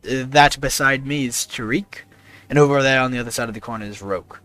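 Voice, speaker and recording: A man playing Pierre, an earnest bright-voiced adventurer. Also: mid-range voice, no room sound, voice pushed up, natural voice. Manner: earnest, confiding, measured persuasion. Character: earnest young man pleading with a guard. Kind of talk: in-character tabletop role-play.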